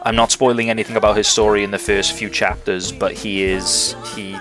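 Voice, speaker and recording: A man's voice: fairly low pitch, level tone, brisk, a bit bright, faint music behind. A young man streaming live, chatting casually with viewers in a rambling, enthusiastic way and swearing freely. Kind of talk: casual livestream chat answering viewers.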